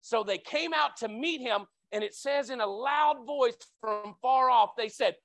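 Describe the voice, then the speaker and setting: A man preaching a sermon as a church elder, talking conversationally, often repeating his words, and breaking into loud high cries when voicing the people in the story. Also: expressive, moderate pace, few pauses, no room sound, studio quality. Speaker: lay preacher. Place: church sanctuary.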